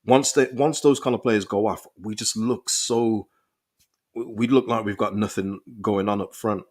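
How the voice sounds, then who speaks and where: A young man hosting a casual football live stream, reading viewers' comments and reacting with animated, restart-filled talk. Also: fairly low pitch, unhurried. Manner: animated, thinks aloud with frequent restarts and repeated words. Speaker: football channel host reading live chat.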